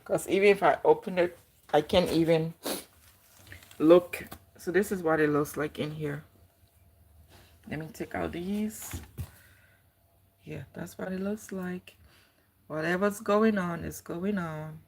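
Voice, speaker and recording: Woman on a kitchen livestream, lowish voice, unhurried, gushy and thankful to chat. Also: darkish tone, slight background noise. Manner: effusive, gushing thanks to viewers. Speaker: YouTuber livestreaming. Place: home kitchen.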